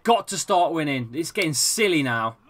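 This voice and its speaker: A man giving live commentary on his own football video game, excitable and swearing often, dropping from low mutters to loud shouts. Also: normal speed. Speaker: gaming YouTuber.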